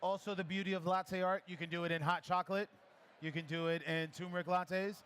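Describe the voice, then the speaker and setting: A man's voice: high voice, level tone, a bit bright, clean tone. Upbeat coaching barista man. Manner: encouraging, chatty, gives quick pouring cues. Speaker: barista instructor. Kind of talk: live demo coaching. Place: coffee festival demo area.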